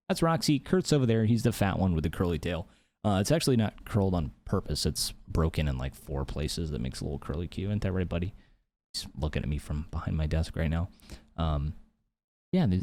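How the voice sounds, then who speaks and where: A man's voice: low voice, lively intonation, fairly quick, darkish tone. A man hosting his own podcast from a home office, rambling heatedly and swearing a lot. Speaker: podcast host. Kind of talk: casual solo podcast rant.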